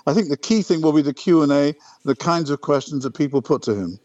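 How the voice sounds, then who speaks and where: A man's voice: fairly high pitch, fast, darkish tone, dry recording, muffled recording. A man talking with a radio host, explaining an upcoming event, fluent with a few restarts. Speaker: event organiser, guest. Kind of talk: casual radio interview chat.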